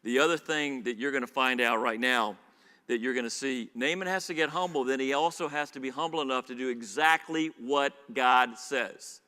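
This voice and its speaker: Animated male preacher in a reverberant church. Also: medium pitch, normal speed, clean tone. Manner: animated, swings between loud emphasis and quiet asides, asks the congregation questions. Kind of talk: sermon. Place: church sanctuary. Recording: live church sermon with long hall reverb.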